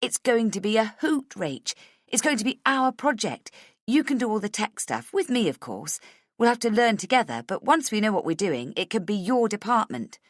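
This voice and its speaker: A woman voicing a bubbly, pushy young female coworker who gushes with excitement. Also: medium pitch, moderate pace, no echo, clean studio sound, voice pushed up. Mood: excited. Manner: gushing, excitable.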